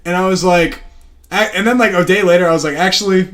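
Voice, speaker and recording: A man's voice: high-pitched, fast, fairly bright tone. A young man co-hosting a casual podcast, telling a story in a rambling way with many fillers and swear words. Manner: rambling, lots of fillers and profanity, laughs while telling stories. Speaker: podcast co-host.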